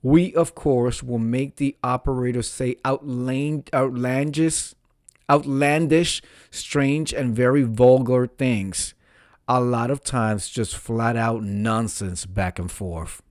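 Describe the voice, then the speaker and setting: A man's voice: medium pitch, steady tone, takes it slowly, darkish tone, no echo, clean studio sound. A man casually reading out an online confession and commenting on it, often amused and laughing. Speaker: social media host reading confessions.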